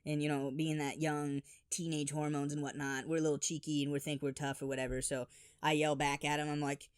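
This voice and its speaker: A man telling funny childhood stories in an animated, exaggerated voice-over. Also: a little high, a little fast, clean tone, no echo, clean studio sound. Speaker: storyteller. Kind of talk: animated comedic storytelling.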